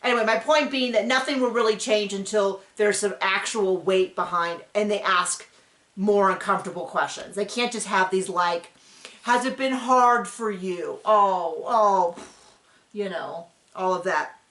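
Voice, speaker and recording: A woman hosts a casual recap, talking loosely with plenty of ums and likes. Her tone runs sarcastic and chatty, at an ordinary middle pitch. The room around her rings with echo. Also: unhurried, fairly bright tone. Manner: chatty, sarcastic, full of fillers. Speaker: recap show host.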